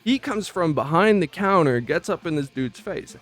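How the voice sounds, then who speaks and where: A man's voice: on the high side, animated, moderate pace, no room sound. A man casually telling stories from his old job, slangy and profane, stumbling over restarts. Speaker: vlogger recounting old job. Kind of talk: casual storytelling. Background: faint background music.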